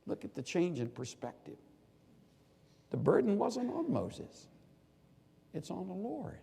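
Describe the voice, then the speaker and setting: Older man, preacher, sermon, gravelly, husky, earnest, animated, reverberant hall. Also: high voice, unhurried. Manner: earnest, animated, acts out quoted pleas. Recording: long reverb of a large hall.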